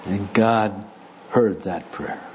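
A man preaching a sermon to a live audience, speaking deliberately with dry humor. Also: lowish voice. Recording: muffled recording with faint noise.

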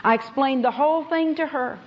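A woman's voice: sits high, a little fast, lo-fi sound. A woman Bible teacher giving a sermon to a conference audience, telling stories with emphasis and speaking to them directly.

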